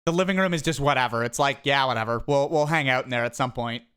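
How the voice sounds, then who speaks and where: A streamer with a smooth, resonant voice, talking in a casual live-stream manner. The delivery rambles, full of restarts and animated little asides. The talk comes from a home office setup. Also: mid-range voice, quick pace.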